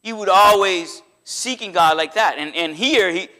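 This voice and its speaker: A man preaching a sermon in a church, in a conversational, animated way that slips into acted quotes. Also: sits high, normal speed. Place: church sanctuary.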